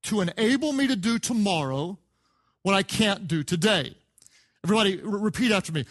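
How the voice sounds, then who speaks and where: A man preaching a sermon, an animated storyteller who acts out the voices of the people in his stories. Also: sits high, a little fast. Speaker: pastor. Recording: sermon clip played from archive.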